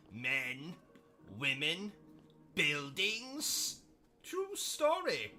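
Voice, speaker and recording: Pompous British man with a bright voice. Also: a little high. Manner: pompous, insulting, deadpan absurd. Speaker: gaming streamer host. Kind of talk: comedic in-character livestream monologue.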